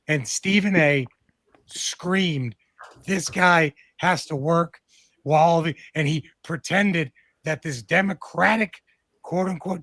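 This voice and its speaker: A man's voice: fairly high pitch, fairly bright tone, no echo. A man with a Texan accent hosting a comedy podcast, ranting emphatically with heavy profanity. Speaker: podcast host. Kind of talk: casual comedic political chat.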